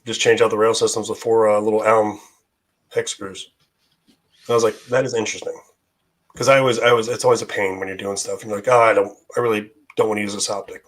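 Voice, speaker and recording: A man, a guest in a casual chat, whose voice is going hoarse and who rambles with many fillers and restarts. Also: on the low side, flat delivery, fast talker. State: losing his voice.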